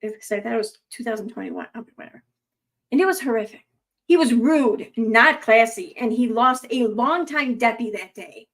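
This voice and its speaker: A woman's voice: fairly high pitch, expressive, moderate pace. Sarcastic, rambling young woman reading posts. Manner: rambling, sarcastic asides with many fillers. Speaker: commentator. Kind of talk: reading aloud and commenting on online posts.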